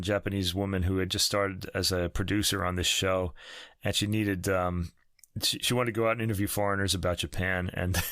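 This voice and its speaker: A man's voice: fairly low pitch, fairly bright tone, dry recording, studio quality. A man in his fifties co-hosting a music podcast, chatting casually with lots of restarts and chuckles. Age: 50s. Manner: rambling, self-correcting, chuckling. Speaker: podcast co-host. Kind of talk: casual chat about classical music.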